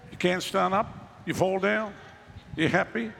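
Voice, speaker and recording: A man's voice: sits high, steady tone, a little slow, gravelly, fairly bright tone, big-room sound, a little hiss or hum. A man preaching a sermon as pastor, talking to the congregation in a casual, wry way with mocking asides.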